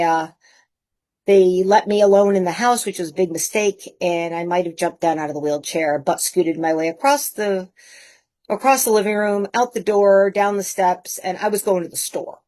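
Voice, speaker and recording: A woman in her fifties, a guest telling lively personal anecdotes in a casual way, laughing often. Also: mid-range voice. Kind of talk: casual storytelling.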